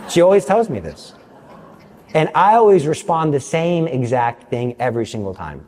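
A man telling a faith story to an audience with self-mocking humor, his voice jumping high whenever he quotes someone. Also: normal speed. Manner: animated, jumps high for quoted lines. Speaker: Catholic speaker. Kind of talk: storytelling talk. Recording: long hall reverb.

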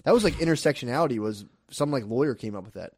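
A young man chats casually, animatedly telling a story and acting out the people in it. His voice sits mid-pitched, recorded close and dry with no room sound. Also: fast, no room sound. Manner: animated storytelling, acts out quotes, laughs often. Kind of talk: casual chat.

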